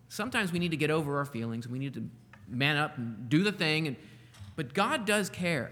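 Animated male preacher in a reverberant hall. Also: high voice. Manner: conversational, animated preaching with asides. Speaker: pastor. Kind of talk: sermon.

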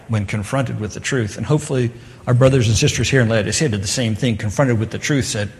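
A man preaching a sermon in a casual, talky way, turning loud and emphatic when he reads scripture aloud. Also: fairly low pitch, a little fast. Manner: conversational, switching to loud emphatic scripture reading. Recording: long echo of a large hall.

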